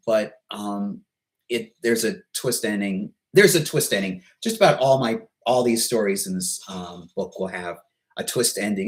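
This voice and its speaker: A man talking in a casual vlog monologue, hesitant and halting, with many pauses, restarts and self-deprecating asides. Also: fairly low pitch, rough recording. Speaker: YouTuber.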